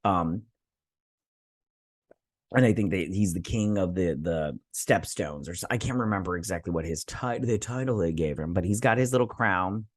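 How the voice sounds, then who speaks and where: A man's voice: deep voice, normal speed, dry recording. A man hosting a casual review channel, recapping a TV episode in a rambling, chatty way with lots of fillers and some mild swearing. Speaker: show host reviewing a TV episode.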